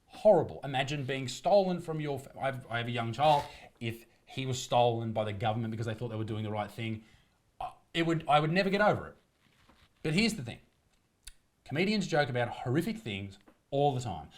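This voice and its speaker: A man's voice: mid-range voice, lively intonation, brisk. An Australian man, a comedian, delivering a profane, combative rant in a commentary video.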